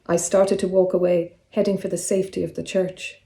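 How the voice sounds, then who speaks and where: A woman, an author reading from her own novel in a calm, measured way. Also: on the low side, gravelly. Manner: calm, measured reading; casual, slightly hesitant when speaking off-script. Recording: roomy echo.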